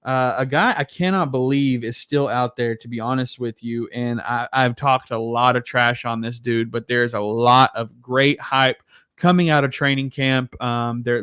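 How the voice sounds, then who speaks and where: A man's voice: mid-range voice, fairly even intonation, measured pace, fairly bright tone, smooth, no echo. Laid-back man co-hosting, dry close sound. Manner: laid-back, chatty, slips into quoting others. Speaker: podcast co-host. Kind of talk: casual chat.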